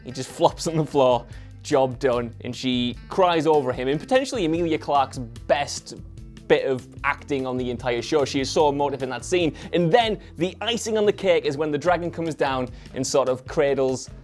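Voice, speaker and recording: A man's voice: mid-range voice, lively intonation, normal speed. Guy on a panel, earnest and keen, faint music under it. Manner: earnest, enthusiastic. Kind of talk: casual chat.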